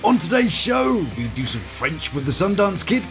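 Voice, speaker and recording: Faint music sits behind this man's high, sing-song and slightly bright voice, which keeps a moderate pace. He is a British reality TV reviewer giving jokey, sarcastic scripted commentary in British English, spiced with mock-theatrical asides.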